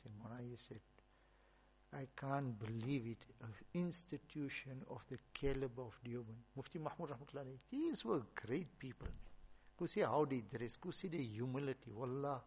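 A man, a religious teacher, giving a storytelling sermon with emphatic rises and soft asides. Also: mid-range voice, slightly rough.

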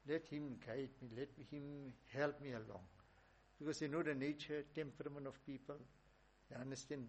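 A man's voice: mid-range voice, steady tone, moderate pace, a little hiss or hum, rough recording. A man giving a sermon, telling stories in an emphatic, repetitive way. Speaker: preacher. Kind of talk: sermon storytelling.

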